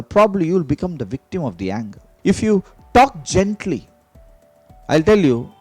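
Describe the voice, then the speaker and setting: A man's voice: medium pitch, darkish tone, no echo. A man giving an emphatic motivational teaching talk, repeating key phrases and asking rhetorical questions. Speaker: motivational speaker.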